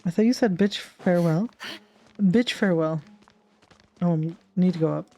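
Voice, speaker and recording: A woman's voice: on the low side, fast, warm tone. A woman in her twenties casually and emotionally reacting to a game as a streamer, chatty and stumbling over names.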